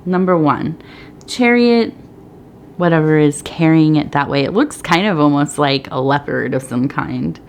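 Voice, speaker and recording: A middle-aged woman reading tea leaves in a soft ASMR chat, slightly out of breath, rambling and sometimes whispering. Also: low-pitched, fairly even intonation, normal speed, hardly any pauses, a little hiss or hum. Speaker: tea leaf reader.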